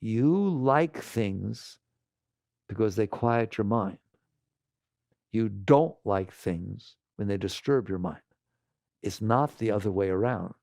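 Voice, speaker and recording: An older man giving an animated spiritual talk to an audience, asking rhetorical questions and acting out quoted voices. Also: mid-range voice, vocal fry, no echo, studio quality. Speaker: spiritual teacher.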